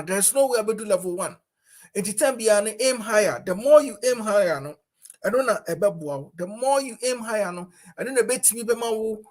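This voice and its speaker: A Ghanaian man hosting a talk show, speaking straight to viewers and summing up the guest's points. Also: sits high. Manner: addresses viewers directly, halting with fillers. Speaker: host.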